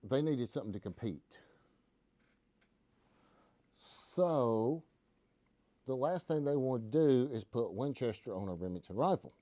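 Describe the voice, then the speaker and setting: A man's voice: medium pitch, lively intonation, a little slow, pauses often, dark tone, dry recording. A man hosting a casual live stream from a gun shop, telling stories in a folksy, joking way. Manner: folksy, joking, rambling explanations. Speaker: host.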